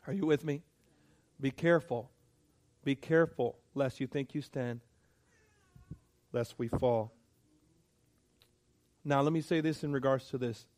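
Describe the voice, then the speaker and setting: A man's voice: medium pitch, unhurried, pauses often, a little mellow. A male pastor preaching a sermon, emphatic, repeating his points and checking in with the congregation.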